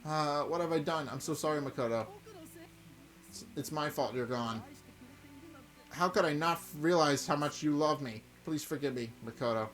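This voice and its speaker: A man's voice: fairly high pitch, moderate pace, pauses often, a bit bright, close to an everyday voice. A man reading a remorseful male student. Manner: anguished, remorseful. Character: heartbroken young male student.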